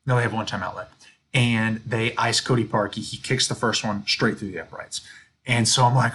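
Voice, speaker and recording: A man co-hosting a sports podcast, telling stories in an animated, ranting way. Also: medium pitch, normal speed, a little hiss or hum. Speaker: podcast co-host. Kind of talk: casual sports chat.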